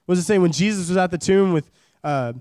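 A man's voice: high-pitched, fast talker, a little mellow, no echo, clean studio sound. A young man in his twenties preaching a sermon at a church service, in a casual, joking way that repeats phrases for emphasis.

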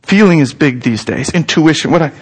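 A pastor in his thirties preaching a sermon, his voice sitting notably high for a man. He talks in a casual, earnest way and addresses his listeners directly. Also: lively intonation, a little fast, slightly rough.

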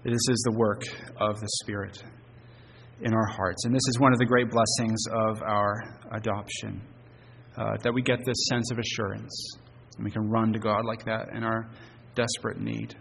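A man preaching an evening sermon, earnest, with emphatic stresses and phrase endings that drop soft. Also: on the low side, level tone, normal speed, vocal fry, in a large hall, a little hiss or hum. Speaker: pastor. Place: church sanctuary.

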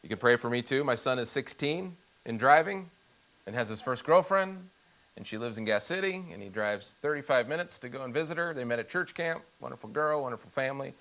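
A man's voice: mid-range voice, expressive, fairly bright tone. Earnest pastor in his forties. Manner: earnest, halting, with restarts. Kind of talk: personal testimony and prayer requests.

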